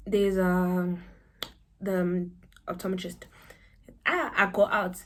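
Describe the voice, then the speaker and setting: A young South African woman telling a personal story to camera, animated and breaking into high exclamations. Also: slow, long pauses. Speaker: vlogger.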